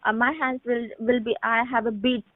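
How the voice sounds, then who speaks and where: A woman around thirty giving a halting personal faith testimony on a phone call, with many restarts and repeated words. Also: on the high side, flat delivery, no echo. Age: late 20s to 30. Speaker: testimony speaker on a prayer line. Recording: tinny phone line, dry.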